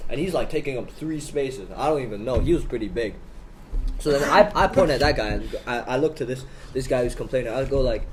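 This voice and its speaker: A teenage boy co-hosting a student podcast in a Hong Kong school room casually tells a story, acting out both sides of an argument. He talks fast at a medium pitch, and the rough recording picks up crowd noise.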